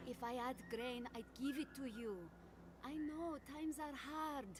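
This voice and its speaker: A woman's voice: high voice, measured pace. An actress playing a weary woman official in a video game, patiently and firmly turning away hungry villagers. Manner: patient, firm, tired refusals. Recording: game audio under loud music.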